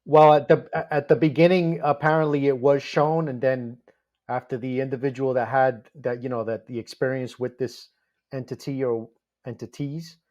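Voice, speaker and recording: A man chatting casually in an interview, excitable and laughing often, with many fillers. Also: mid-range voice, moderate pace. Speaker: guest researcher. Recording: dull lo-fi sound.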